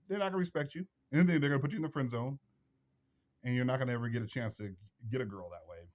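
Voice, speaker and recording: A man's voice: medium pitch, animated, quick pace, a little mellow, muffled recording. A man hosting a vlog, giving blunt advice in a preachy, repetitive, emphatic monologue. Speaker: vlog host.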